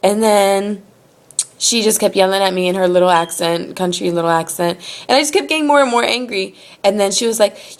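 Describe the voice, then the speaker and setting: A woman's voice: medium pitch, brisk. Indignant young woman telling a story. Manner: animated, indignant, profane. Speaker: vlogger. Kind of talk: storytelling to camera.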